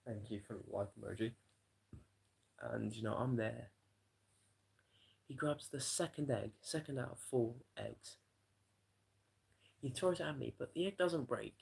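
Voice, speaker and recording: Gravelly, husky man telling stories. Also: medium pitch, a little slow, pauses often, a little mellow. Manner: rambling, profane anecdote-telling. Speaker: livestreamer. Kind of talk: casual storytelling to a live chat.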